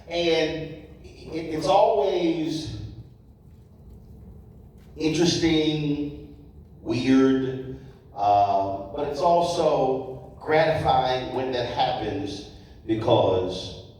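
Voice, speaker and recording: A man speaking to a conference audience, telling stories slowly and stressing key points, recorded from afar in a large hall. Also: on the high side, darkish tone. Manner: slow, emphatic, repeats key points. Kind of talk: storytelling talk to an audience. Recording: echoey hall from far off, faint ambience.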